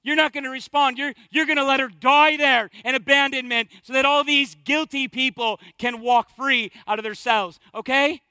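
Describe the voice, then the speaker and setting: A man in his thirties delivers a sermon in church with an unusually high, ringing voice. He is emphatic and drives points home by repeating phrases. The sound is close and dry. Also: fairly even intonation, moderate pace, hardly any pauses, pushed and bright, clean tone, no echo. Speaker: pastor.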